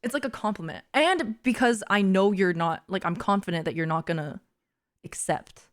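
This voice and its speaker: A woman's voice: mid-range voice, moderate pace. Giggly, frank young woman streamer. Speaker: livestreamer. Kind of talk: casual chat.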